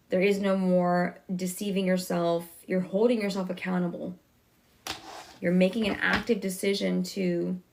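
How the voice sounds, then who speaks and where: Woman tarot reader, casual and reassuring, rushes her words, slight vocal fry. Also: lowish voice, a little mellow, slight background noise. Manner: talks fast, self-correcting, chatty and reassuring. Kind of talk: casual tarot reading to viewers.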